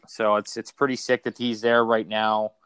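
A podcast co-host rambles through a casual chat, swearing and restarting his sentences often. His voice is lowish and fairly flat in pitch, moving at a moderate pace with a slightly bright, smooth quality and no echo.

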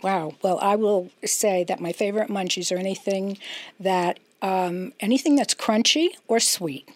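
A woman's voice: medium pitch, moderate pace, dry recording. Self-mocking older woman guest. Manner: self-mocking, lively storyteller. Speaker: guest, host's mother. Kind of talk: casual chat.

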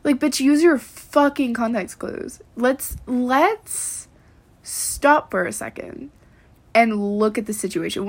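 A woman's voice: fairly high pitch, slow. A woman ranting casually to the camera, exasperated and swearing freely, with lots of "like" fillers. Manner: profane, exasperated, many "like" fillers. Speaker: vlogger.

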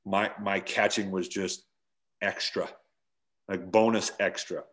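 A low-pitched man in his forties tells stories from his years as a pro catcher. He talks casually and animatedly, and his voice jumps up when he acts out someone yelling. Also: steady tone, takes it slowly. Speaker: former pro baseball catcher, guest. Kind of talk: casual storytelling interview.

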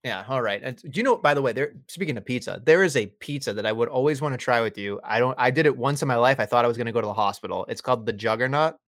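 A man co-hosting a podcast in casual wrestling chat, excitable and profane, his voice climbing when he rants. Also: rapid-fire, hardly any pauses, no room sound. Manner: excitable, swears often, rants with rising pitch. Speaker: podcast co-host.

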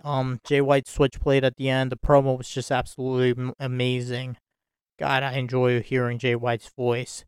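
A man's voice: mid-range voice, monotone, normal speed, clean tone, no echo, studio quality. A man hosting a casual wrestling talk show alone, rambling with many fillers and restarts and often breaking into giggles. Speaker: wrestling podcast host. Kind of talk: casual solo commentary.

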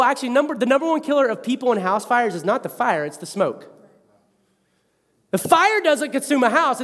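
A man in his thirties preaching a sermon as pastor, animated and conversational, with self-mocking asides. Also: very high voice, long reverb tail.

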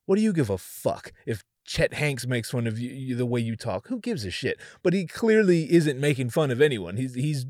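A young podcast host rants through a casual monologue full of jokes and swearing, frequently restarting his sentences. He has a mid-range voice with a darkish tone, recorded in studio quality with no room sound.

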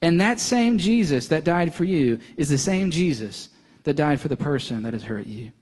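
Young guy pastor preaching, kinda high voice, gets intense then goes quiet. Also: lively intonation, moderate pace. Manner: earnest, rising to intense emphasis then dropping soft. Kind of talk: sermon.

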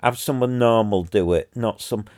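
A man's voice: lowish voice, moderate pace, a little mellow, dry recording, clean studio sound. A man ranting angrily to his viewers, repeating himself and sounding exasperated. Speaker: vlogger. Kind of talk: angry rant to camera.

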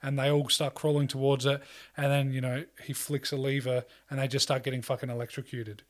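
A man's voice: medium pitch, little pitch movement, brisk. A man talking casually in a rambling way, full of fillers and swearing, acting out quoted lines. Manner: acts out quoted lines in a loose voice. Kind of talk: casual chat.

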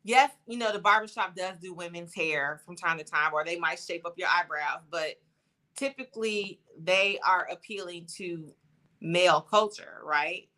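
A woman co-hosting a casual chat podcast, relaxed and talkative with lots of fillers. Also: lowish voice, normal speed. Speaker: podcast co-host.

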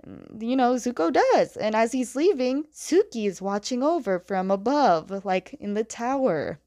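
A woman's voice: on the high side, big pitch swings, unhurried, warm tone. Chatty young woman recapping a story. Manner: chatty, laughs often, fillers like 'like'. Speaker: host recapping a comic.

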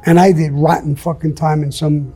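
Older new guy telling rough stories in an interview, swears a lot, husky and kinda high. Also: flat delivery, moderate pace, dark tone, faint music behind. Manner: blunt, profane, streetwise storytelling. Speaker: interview guest. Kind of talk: storytelling interview.

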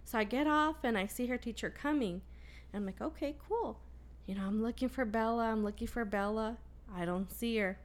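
A woman in her thirties telling a story in casual chat, animated and full of swearing, quoting the people in it. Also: on the high side, a little fast.

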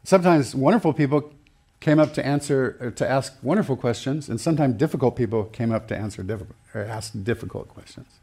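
A man's voice: mid-range voice, fast talker, mellow, husky. A middle-aged man gives a sermon from the pulpit, conversational rather than formal. He tells stories with easy laughter and acts out the quotes along the way. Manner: chatty, laughing storyteller who acts out quotes. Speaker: pastor.

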